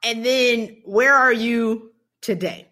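A woman leads a casual conversation with animated energy. She laughs easily and slips into acting out what others said. Her voice sits high and sounds bright and sharp. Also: slow pace. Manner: animated, laughing, acts out quotes. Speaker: host.

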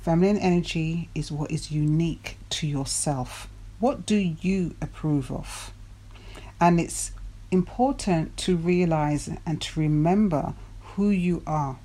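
A woman's voice: low voice, unhurried, mellow. A woman coach giving a motivational talk to her viewers, posing rhetorical questions and repeating key words for emphasis. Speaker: dating and self-development coach.

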